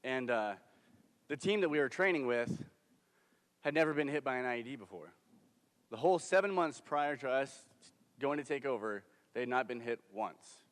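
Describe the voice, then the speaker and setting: A man's voice: mid-range voice, animated, moderate pace. A young man, a military veteran, earnestly telling his own story in a conversational way during a staged performance. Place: theater stage. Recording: long hall reverb from a stage.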